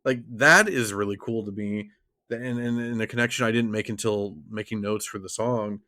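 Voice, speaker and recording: A man co-hosting a podcast, talking in a casual, enthusiastic, animated way. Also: fairly low pitch, moderate pace. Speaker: podcast co-host.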